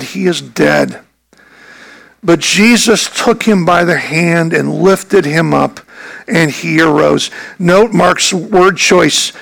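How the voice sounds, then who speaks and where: A man, a pastor, preaching a sermon earnestly and emphatically, with a gravelly voice. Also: on the high side, fairly bright tone, rough recording.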